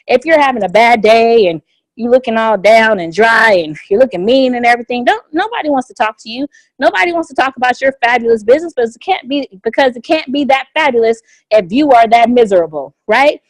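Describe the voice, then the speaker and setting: A woman leading a motivational business training session on a conference call, energetic and repeating her key phrases for emphasis. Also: a little high, brisk, no room sound. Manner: energetic and repetitive, hammers home key phrases. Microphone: phone conference line.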